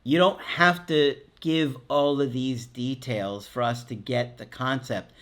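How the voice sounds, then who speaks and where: A man's voice: mid-range voice, steady tone, slow pace, a bit bright. A middle-aged man, a relationship coach and podcast host, reads a listener's letter aloud in casual chat, joking and laughing often at his own asides.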